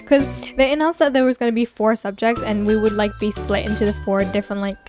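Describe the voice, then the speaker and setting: A woman's voice: medium pitch, steady tone, fast, over music. A teenage girl chatting casually over her building game, tired, rambling and self-mocking. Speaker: gaming YouTuber. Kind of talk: casual gameplay commentary.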